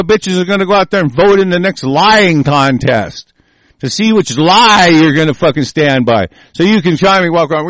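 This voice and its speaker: Man, angry ranting host, profane, somewhat high voice, dry sound. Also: very animated, moderate pace, a bit bright, no echo. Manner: furious, profane, confrontational. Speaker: talk show host. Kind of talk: angry political rant.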